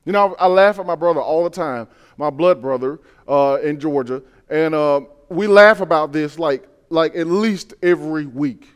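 Guy preaching, high voice, real animated, keeps restarting words and doing little voices. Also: moderate pace, smooth. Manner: animated, acts out quoted voices; many repeated word restarts. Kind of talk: sermon.

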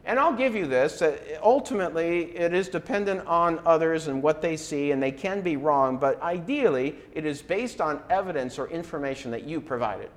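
A man's voice: a little high, animated, normal speed, few pauses. A middle-aged man, a preacher, delivering a conversational sermon with rhetorical questions and a casual tone.

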